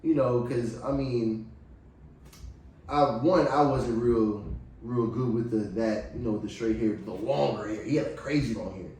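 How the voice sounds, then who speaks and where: A man's voice: medium pitch, a little slow, mellow. A man co-hosting a podcast in casual chat, laid-back and laughing along. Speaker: podcast co-host. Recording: echoey room, mic far off, faint noise.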